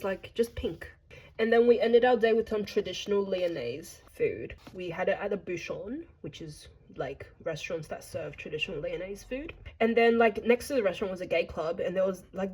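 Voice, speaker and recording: A woman's voice: mid-range voice, a little mellow, slightly rough. A young Australian woman narrating a casual travel vlog in a chatty, gossipy way with playful slang. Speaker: vlogger.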